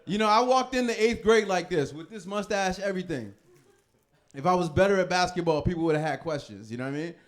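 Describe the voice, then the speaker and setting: Performing stand-up, a man in his thirties spins loose, laughing stories in a fairly high voice and quickly slips into other people's voices.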